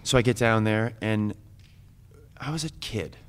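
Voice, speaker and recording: A man in his forties, guesting on a live podcast, shares a personal story, acting out quotes with energy and breaking into laughter. His voice is lowish and his pace measured.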